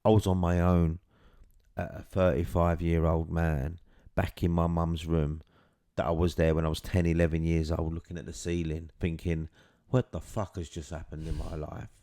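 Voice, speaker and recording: A man's voice: low-pitched, flat delivery, moderate pace, dark tone, no echo, clean studio sound. A middle-aged man telling his own story in a candid, earnest way, swearing casually as he talks.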